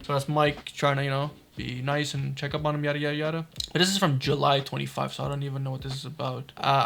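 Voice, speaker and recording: Bright-voiced blunt man doing reaction commentary. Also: mid-range voice, flat delivery, gravelly, a little hiss or hum. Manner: blunt, swears often, talks fast in bursts. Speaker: commentary youtuber.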